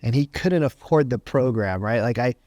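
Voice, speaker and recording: A sales coach gives a motivational talk, emphatic and packed with rhetorical questions, frequently saying "right?" His medium-pitched voice is animated and a little mellow, at a moderate pace. The recording is dry and studio quality.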